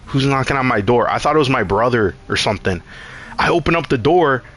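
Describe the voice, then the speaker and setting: A man's voice: medium pitch, animated, fairly quick, fairly bright tone. A young male streamer talks loosely and profanely. He rambles through a story and acts out his own past lines in casual live-stream chat.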